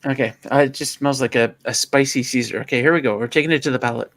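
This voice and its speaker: A man co-hosting a casual livestream, joking and telling stories in a lively way. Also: medium pitch, fast talker, dry recording. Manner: joking, storytelling, animated. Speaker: livestream co-host.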